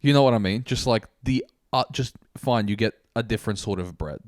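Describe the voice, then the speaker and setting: A man's voice: on the low side, a little fast, no room sound, studio quality. A man chatting casually as a guest, enthusiastic and slangy. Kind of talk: casual comedic chat.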